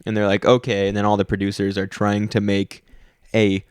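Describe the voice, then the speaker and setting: A man's voice: fairly low pitch, completely flat delivery, a little fast, darkish tone, smooth, dry recording, studio quality. A young man co-hosting a podcast, rambling in casual chat and trailing off mid-sentence. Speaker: podcast co-host.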